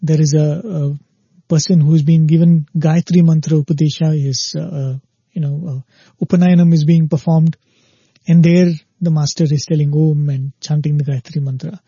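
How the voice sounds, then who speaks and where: Husky dark-voiced man telling a parable. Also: fairly high pitch, fairly even intonation, no room sound. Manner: unhurried, tells a parable acting out quoted lines. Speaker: spiritual speaker. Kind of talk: spiritual discourse with storytelling. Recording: dull lo-fi dry recording.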